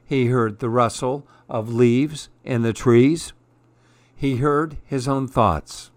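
A man reading a children's picture book aloud in a calm, measured storytelling way. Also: mid-range voice, dry recording.

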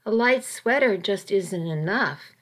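A caring, firm aunt, as a woman reader puts her on in a storybook reading. She talks gently but sternly, pleading and steady at an ordinary mid pitch. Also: measured pace. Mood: concerned, stern. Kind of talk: audiobook reading.

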